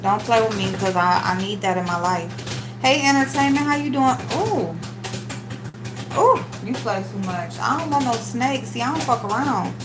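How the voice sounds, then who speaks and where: A woman's voice: medium pitch, expressive, moderate pace, over music. A woman hosting a casual live stream, chatting with viewers and greeting them by name. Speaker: livestream host. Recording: echoey room with background noise.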